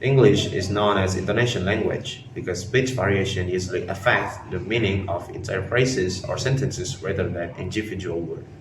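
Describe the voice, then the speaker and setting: A man's voice: deep voice, moderate pace, hardly any pauses, noisy background. A young man, a student, giving a class presentation, explaining from notes. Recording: roomy, distant mic, faint ambience.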